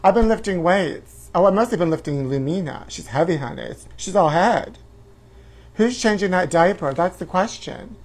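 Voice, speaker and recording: A man's voice: high voice, lively intonation, normal speed. A man doing a brassy camp tabloid-show hostess. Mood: campy gossip. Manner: drawling, calls everyone honey, sudden whooping shrieks. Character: brassy self-absorbed woman tabloid talk-show host. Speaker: host. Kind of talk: campy comedic live-stream character.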